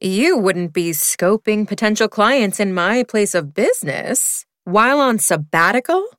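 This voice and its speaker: A woman's voice: mid-range voice, sing-song, unhurried, fairly bright tone, dry recording, studio quality, pitched above the performer's own voice. A woman voicing a sassy female best friend with a Southern US accent and a teasing drawl.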